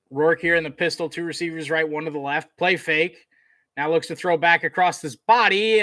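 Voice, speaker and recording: A man giving casual live play-by-play commentary on a college football game, chatty, with fillers, getting excited on big plays. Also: on the high side, dry recording, studio quality.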